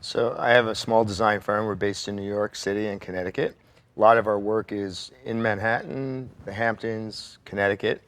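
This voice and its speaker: A man's voice: lowish voice, fairly even intonation, moderate pace, a bit bright, smooth. A man who is an interior designer, telling anecdotes in a chatty way on a panel. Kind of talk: panel talk, storytelling.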